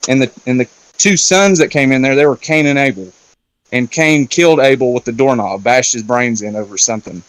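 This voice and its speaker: A man's voice: mid-range voice, fairly quick, dry recording. A man in a casual round-table talk, loosely retelling a film plot with lots of fillers and swearing. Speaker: round-table discussion guest.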